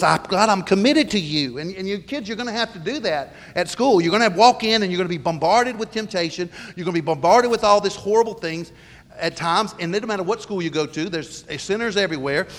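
Middle-aged man, pastor, earnest sermon, slightly higher voice, long hall reverb. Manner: earnest, emphatic preaching with frequent stumbling restarts. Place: church sanctuary.

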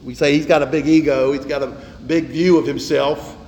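High-voiced pastor in an echoey hall. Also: male voice, fairly even intonation, darkish tone, slight background noise. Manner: emphatic preaching, repeats words, slows for stress. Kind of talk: sermon. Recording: echoey hall, faint ambience.

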